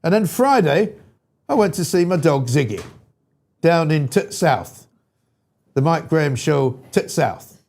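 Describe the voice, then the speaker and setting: A man's voice: fairly high pitch, big pitch swings, measured pace, creaky, pauses often, darkish tone, full character voice. A man parodying a triumphant male politician who defiantly boasts about the things he did in his week. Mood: boastful. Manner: defiant, boastful, repeats "they said I couldn't".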